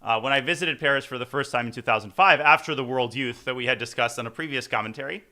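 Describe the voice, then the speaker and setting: Playful chess commentary guy, super bright voice, rambles into stories and jokes. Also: mid-range voice, fast. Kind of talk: casual live commentary.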